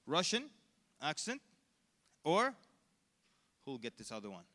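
A man giving a conversational, animated lecture at a convention, asking the audience questions as he goes. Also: fairly high pitch, a little slow. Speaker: Islamic lecturer. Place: large convention hall. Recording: echoey hall.

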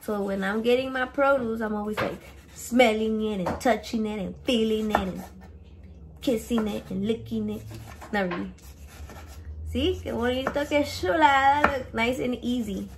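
A young woman with a slightly high voice cooks on camera in a home kitchen and chats casually. She swears freely, jokes around and slips Spanish words into her English. Chopping and clicking come through clearly behind her. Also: moderate pace, background noise. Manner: profane, playful, mixes Spanish into English. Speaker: home cook vlogger. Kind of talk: casual cooking vlog.

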